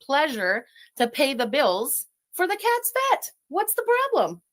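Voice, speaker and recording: Female streamer clip; animated pitch, cursing, emotional off-the-cuff talk. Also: unhurried. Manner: profane, emotional, rambling. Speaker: online streamer in a played clip. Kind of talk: casual rambling monologue.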